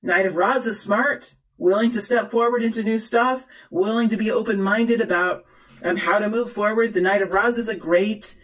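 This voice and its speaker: Tarot reader, calm measured monologue, restarts often, mid-pitched voice. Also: poor audio. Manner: thinking aloud, many restarts and repeated phrases. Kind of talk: tarot reading monologue to viewers.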